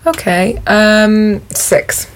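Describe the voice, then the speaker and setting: Guest: woman, mid-pitched, dry humor, hesitant fillers before answers. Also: lively intonation, drawn-out words, slight background noise. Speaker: podcast guest. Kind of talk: casual chat.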